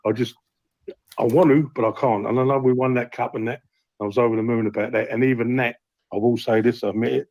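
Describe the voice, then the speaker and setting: A man's voice: mid-range voice, fairly even intonation, fast, darkish tone, no echo, lo-fi sound. A man calling into a live fan show, talking in a rambling, frank way and swearing freely. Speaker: caller. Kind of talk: phone-in chat.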